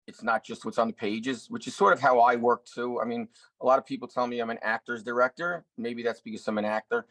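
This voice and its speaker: A middle-aged actor and director telling a story in an interview, earnest, with many restarts. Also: male voice, mid-range voice, level tone, fairly quick, fairly bright tone, no echo, rough recording. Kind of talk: anecdotal interview talk.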